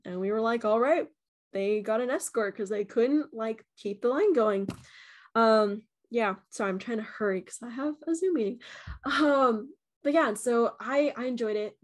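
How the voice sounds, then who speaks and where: A young woman telling the story of her haunted house visit in a casual vlog, chatty and full of "um" and "like". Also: mid-range voice. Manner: chatty, many "um" and "like", acts out quotes with voices. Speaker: vlogger reviewing a haunted house.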